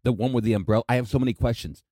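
A man voicing Moses as an excitable male conspiracy buff who fires off questions and keeps apologizing, in an improv comedy podcast. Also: medium pitch, breathy edge, dry recording, studio quality, voice pushed down, lightly acted. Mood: eager. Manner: eager, apologetic, rapid questioning.

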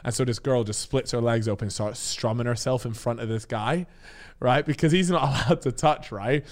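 A man in casual chat, telling a story with lots of slang and animated asides. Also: medium pitch, moderate pace.

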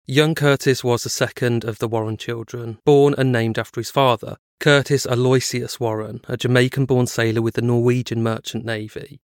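A man's voice: medium pitch, little pitch movement, normal speed, hardly any pauses, clear, resonant tone, no room sound, clean studio sound. A man co-hosting a podcast, reading a prepared true-crime script and breaking off for casual chat. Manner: reads prepared script, then chats with hedging fillers. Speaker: podcast co-host.

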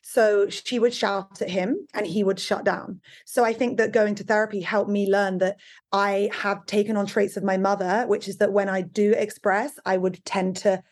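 A woman hosting a podcast, telling a personal story in chatty, high-energy conversation. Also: level tone, normal speed. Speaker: podcast host. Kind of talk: casual podcast chat.

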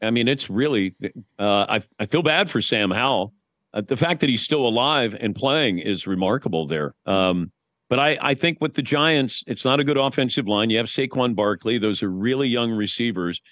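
A man's voice: medium pitch, expressive, normal speed, a bit bright, no echo. A man in his sixties chats as a guest, telling stories with a wry, offhand humor and frequent restarts. His voice sits in a middle range, recorded close and dry in a studio. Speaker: guest sportscaster. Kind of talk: casual chat.

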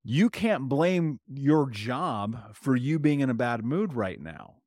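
A man's voice: medium pitch, very animated, takes it slowly, a little mellow, dry recording, clean studio sound. Direct, conversational male podcast coach. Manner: direct, conversational, often asks "right?"; plain-spoken, with casual swearing. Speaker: trauma healing coach and podcast host. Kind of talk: motivational solo podcast talk.

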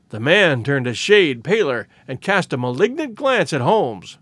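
A man narrating a classic story as an audiobook in an expressive, measured way. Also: a little high, husky, no room sound.

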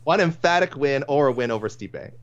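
A man's voice: mid-range voice, lively intonation, fairly quick. A man co-hosting a casual sports podcast, reading listener picks aloud with frequent chuckles and restarts. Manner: chatty, chuckling, many restarts. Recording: dull lo-fi audio.

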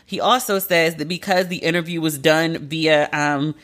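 A woman hosting a podcast, talking casually and bluntly with profanity, her pitch leaping up for emphasis. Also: fairly even intonation, moderate pace, fairly bright tone. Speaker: podcast host.

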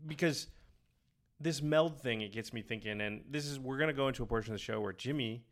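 A man co-hosting a podcast, talking casually, quick and enthusiastic, rambling with restarts. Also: mid-range voice, a bit bright. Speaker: podcast co-host. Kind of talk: casual chat.

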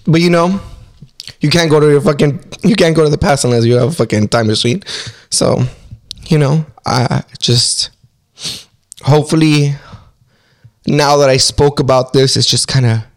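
A man's voice: on the high side, normal speed, long pauses. A young man as a podcast guest, talking emotionally and bluntly, swearing often. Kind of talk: emotional casual chat.

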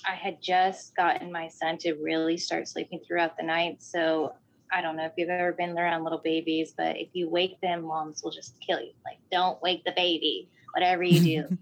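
A woman telling a personal story in casual talk, animated and often saying "like". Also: fairly low pitch, moderate pace, low-quality recording. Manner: animated, acts out voices in quotes, fills with "like".

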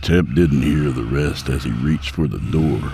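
Very deep, slow male storyteller. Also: creaky, noisy background. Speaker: narrator. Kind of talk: dramatic audiobook narration. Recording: gunfire sound effects behind.

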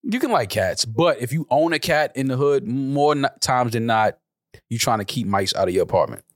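Male podcast co-host, mid pitch, blunt and profane, dry close mic. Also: expressive, moderate pace, dry recording. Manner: blunt, exasperated, swears freely. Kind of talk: casual chat.

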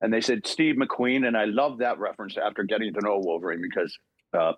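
An older man from Ontario, Canada, guesting on an interview show and telling stories with lively acted-out dialogue and frequent laughs. His voice is lowish and husky. The sound is dry and close. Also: fast, no echo, muffled recording. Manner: animated, acts out dialogue, laughs often. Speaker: guest voice actor. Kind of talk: podcast interview storytelling.

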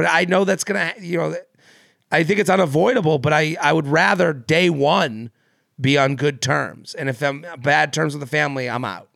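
A man's voice: fairly high pitch, gravelly, a bit bright, no room sound, clean studio sound. A man co-hosting a podcast, joking and rambling in casual chat. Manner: jokey, rambling, quick asides. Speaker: podcast co-host.

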